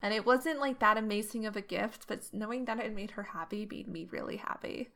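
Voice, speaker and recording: A young woman co-hosting a casual podcast, bubbly and quick to tease her friend. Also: mid-range voice, gravelly, pushed and bright. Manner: bubbly, teasing. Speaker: podcast co-host. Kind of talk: casual chat.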